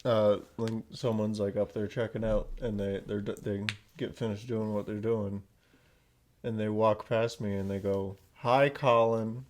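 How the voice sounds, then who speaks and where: A man co-hosting a podcast in casual chat, laid-back and deadpan. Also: on the low side, moderate pace, a little hiss or hum. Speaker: podcast co-host.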